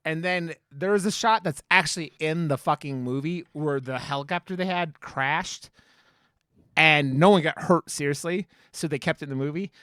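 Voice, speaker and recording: A podcast co-host chatting casually at a middle pitch, rambling and swearing, with many "like"s and restarts. The recording is close and dry. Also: moderate pace, fairly bright tone, dry recording. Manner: rambling, profane, lots of likes and restarts. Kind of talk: casual chat.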